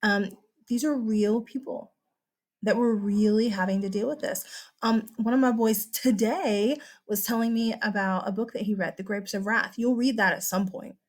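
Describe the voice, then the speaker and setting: A young woman with a Texan accent, teaching a recorded history lesson in a chatty, animated, exclamatory way. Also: mid-range voice, moderate pace.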